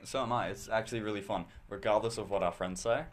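A teenage boy from Australia co-hosting a casual podcast chat, relaxed and self-deprecating, with some hesitant restarts. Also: on the low side, fast talker. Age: teens. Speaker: podcast co-host.

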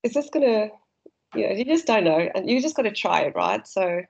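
A woman's voice: mid-range voice, very animated, fairly quick, gravelly, slightly rough, dull audio. Chatty South African woman, laughing storyteller. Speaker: guest runner. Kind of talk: casual podcast chat.

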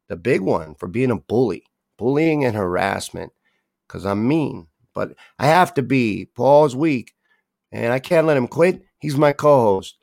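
A man hosts a live online show and talks straight to his viewers. His voice is low and gravelly and the sound is dry and close. He gets heated and swears as he answers their comments. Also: darkish tone, no room sound. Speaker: host. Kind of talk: casual livestream talk, reading chat.

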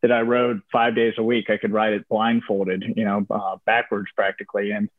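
A young man from Virginia telling a personal story in a casual interview, relaxed, with many fillers and restarts. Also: lowish voice, moderate pace, no echo. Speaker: interview guest. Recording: tinny phone-like audio, dry.

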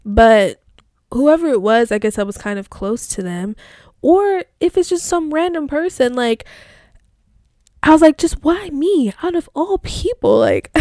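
A woman's voice: a little high, a little mellow, no echo, clean studio sound. A young woman vlogger chatting casually, reading her old posts aloud in a rambling, filler-heavy way.

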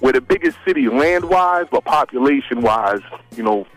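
A man's voice: medium pitch, animated, moderate pace, a bit bright, soft background music, poor audio. A man from Massachusetts calling in as a podcast guest, talking in a laid-back way with lots of "you know". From Worcester, Massachusetts. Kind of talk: casual phone-in chat.

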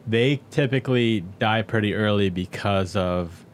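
A man with a slight lisp and a lowish voice, chatting casually as a host. He tells relaxed stories and slips into quoted voices. A faint rumble sits under the recording. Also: measured pace. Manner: relaxed storytelling, acts out quotes. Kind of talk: casual chat.

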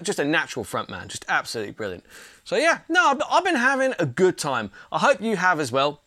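A man's voice: a little high, pushed and bright, no echo, clean studio sound. A young man hosting a casual, blunt and opinionated fight card preview. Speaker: MMA channel host.

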